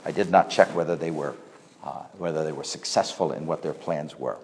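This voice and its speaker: A man preaching a sermon, his voice swelling on key points and then dropping low. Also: brisk, in a large hall. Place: church hall.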